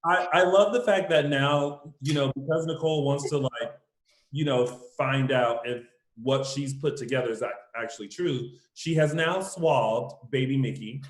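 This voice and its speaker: A man's voice: mid-range voice, normal speed. A man co-hosting a casual podcast, rambling with many fillers and restarts. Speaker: podcast co-host. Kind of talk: casual chat recapping a soap opera. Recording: roomy home recording.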